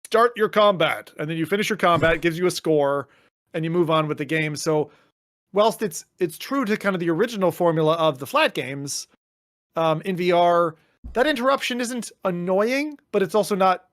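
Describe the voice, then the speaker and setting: Clean studio audio with no room sound captures a man co-hosting a podcast in casual, animated conversation. His voice is high and his pace moderate, and he drops into mock voices and swears along the way.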